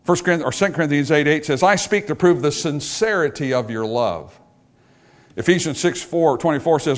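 A pastor preaching a sermon in a church, swinging between emphatic high points and hushed, soft passages. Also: male voice, moderate pace. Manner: dynamic preaching, rising to emphatic highs and dropping to hushed lows. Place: church sanctuary.

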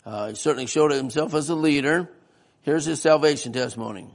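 A man's voice: a little high, fairly quick, gravelly. A man preaching a sermon-style history lesson in a church, folksy and often asking the congregation questions.

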